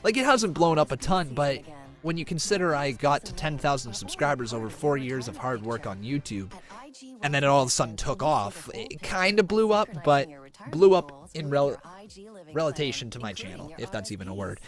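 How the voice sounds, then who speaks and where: A man doing live reaction commentary on a wrestling show, screaming and cheering at big moves and chatting calmly with viewers in between, over a cheap microphone. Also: mid-range voice, normal speed. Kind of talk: excited live play-by-play commentary and chat.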